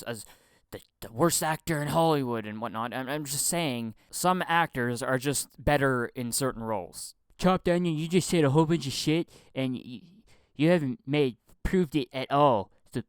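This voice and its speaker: A young man rants about film acting, stammering, repeating words and swearing freely. His voice is smooth and mid-pitched, recorded close and dry with no room sound. He keeps breaking into mocking impressions. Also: no echo. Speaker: film commentary vlogger. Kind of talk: casual profane rant.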